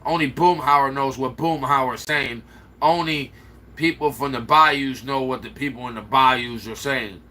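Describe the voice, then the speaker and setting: A man's voice: medium pitch, steady tone, unhurried, pushed and bright. A man with a slight Chicago accent, rambling and answering viewer comments aloud in a casual livestream chat. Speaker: livestream host.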